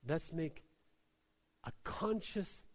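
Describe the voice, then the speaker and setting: A male pastor preaching a sermon, drawing the congregation in with repeated "Amen?" and "right?" and swinging between soft low asides and emphatic exclamations. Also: animated, drawn-out words, in a large hall.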